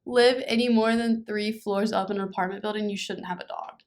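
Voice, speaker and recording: A woman's voice: mid-range voice, fairly even intonation, a little fast. A young woman co-hosting a casual podcast chat, opinionated and emphatic, often restarting her sentences. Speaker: podcast co-host.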